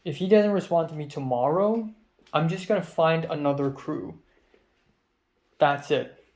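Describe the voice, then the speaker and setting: A young man with a voice that sits slightly high, rambling through a casual vlog monologue. He vents, exasperated, stacking up ums and restarts as he talks. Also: a little slow, a little mellow. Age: young adult. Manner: rambling, exasperated venting with many fillers. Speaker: student filmmaker.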